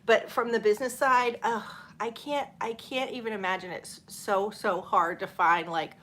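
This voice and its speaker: A woman's voice: medium pitch, fairly even intonation, normal speed, fairly bright tone. A middle-aged woman, hosting a casual live stream, chatting and laughing as she reads viewer comments. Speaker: channel host.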